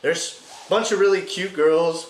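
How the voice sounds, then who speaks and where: A man's voice: high voice, normal speed. A man co-hosting a podcast, telling a story in a laid-back, chatty way with lots of "dude" and "like". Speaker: podcast co-host. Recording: roomy echoey room, faint noise.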